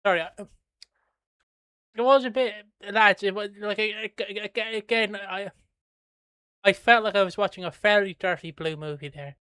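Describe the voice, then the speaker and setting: A man's voice: high voice, moderate pace, long pauses, sharp tone, clear, resonant tone, no room sound, clean studio sound. An Irish man hosting a livestream, commenting on a soap episode in a rambling, chatty way and swearing freely. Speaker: host.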